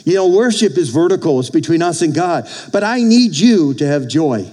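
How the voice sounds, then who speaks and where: A man's voice: on the high side, sing-song, moderate pace, warm tone, rough recording. A middle-aged male pastor preaching a sermon, exhorting the congregation with frequent calls for amen. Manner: exhorting, with call-outs for amen.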